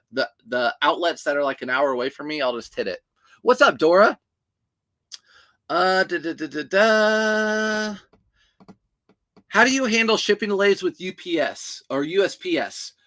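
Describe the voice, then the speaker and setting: A man's voice: on the high side, pushed and bright. A man hosting a casual livestream about reselling, reading out viewer questions and answering them in a chatty, direct way.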